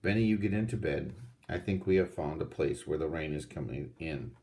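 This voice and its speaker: A man voicing a steady, responsible oldest boy in a storybook reading; the boy sounds calm and takes charge. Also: a bass voice, fairly quick.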